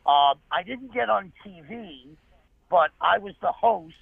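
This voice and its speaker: A high-pitched man with a gravelly edge tells comedy stories with animated energy and quick asides. He sounds like he's on a tinny phone line, dry and close. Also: no echo. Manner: animated anecdotes, fast asides. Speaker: comedian guest. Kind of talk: storytelling interview.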